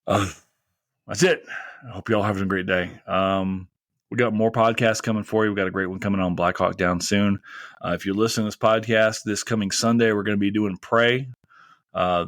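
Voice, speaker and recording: A man's voice: deep voice, vocal fry, fairly bright tone, no room sound. A man hosting a podcast in a casual, rambling and heartfelt monologue, close to tears. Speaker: podcast host.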